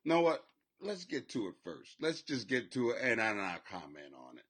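A man's voice: fairly low pitch, big pitch swings, normal speed, slightly rough. Profane, rambling male podcast host. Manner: profane, rambling, loud swings in volume. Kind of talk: crude comedic commentary.

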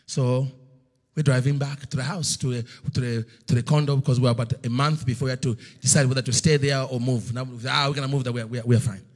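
A middle-aged male preacher telling a story in a sermon, swinging between loud slow outbursts and hushed near-whispers. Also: mid-range voice, steady tone. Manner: storytelling, acts out God's voice in loud slow bursts.

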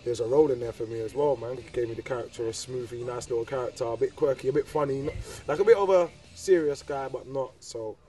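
A man's voice: mid-range voice, quick pace, few pauses, warm tone. A young man, an actor and music supervisor answering interview questions in a laid-back, slangy way. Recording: a bit distant from the mic.

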